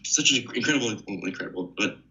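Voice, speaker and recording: Hesitant teenage guy, bright dull sound. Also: medium pitch, animated, quick pace. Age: teens. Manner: hesitant, many fillers, agreeable. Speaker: podcast guest, young pilot. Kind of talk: casual podcast chat.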